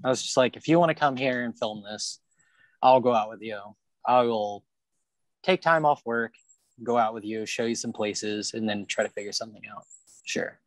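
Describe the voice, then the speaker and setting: A man's voice: mid-range voice, moderate pace, dry recording. A man talking as a podcast guest, blunt and heavy on swearing and fillers, recorded on a porch. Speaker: interview guest, rollerblader. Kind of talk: casual podcast interview. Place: porch in Kansas City.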